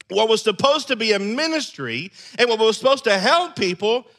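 Pastor, male, high bright voice, lively storytelling sermon with acted-out bits. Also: brisk, hardly any pauses. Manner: animated, acts out scenes in character voices.

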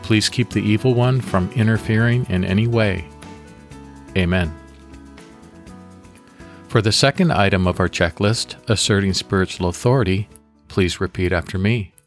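Deep-voiced man leading calm guided prayer. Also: faint music behind. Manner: calm, measured, instructive pacing. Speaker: devotional podcast host. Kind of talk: guided prayer and scripture meditation.

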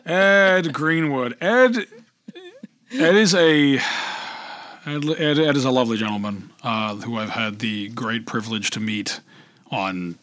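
A man's voice: medium pitch, measured pace, fairly bright tone, no echo. A man, a voice actor and storyteller, talking reflectively in a casual interview, rambling and restarting his thoughts. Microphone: close podcast microphone.

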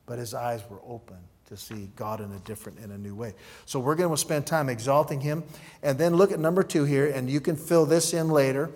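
This sermon comes from a male pastor speaking fairly quickly at medium pitch during an evening church service. He teaches in numbered points and animates his stories by performing the dialogue.

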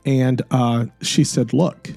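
A middle-aged man, a podcast host, telling a personal story in an earnest, soft-spoken and reflective way. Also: mid-range voice, unhurried, creaky, no echo, faint music behind.

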